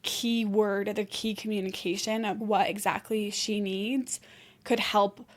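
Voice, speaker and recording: A woman co-host on a podcast speaks in an ordinary, middle-pitched voice. She asks earnest, probing questions and keeps searching for the missing piece. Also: fairly even intonation, measured pace. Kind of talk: podcast conversation.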